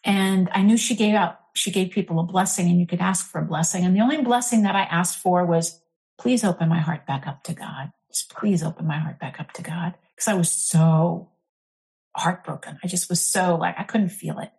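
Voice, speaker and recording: A middle-aged woman, an interfaith minister, telling a candid personal story in an earnest, animated way, full of fillers. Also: fairly low pitch, normal speed, gravelly.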